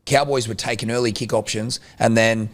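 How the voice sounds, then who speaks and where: A man with an Australian accent chatting casually as a guest on a sports podcast, relaxed. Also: lowish voice, fairly quick.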